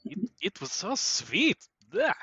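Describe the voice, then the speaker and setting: A man's voice: fairly low pitch, lively intonation, measured pace, fairly bright tone, dry recording, lo-fi sound, voice pushed down. A man voicing a wary adult ship's night watchman who is easily put off and speaks in an odd put-on accent.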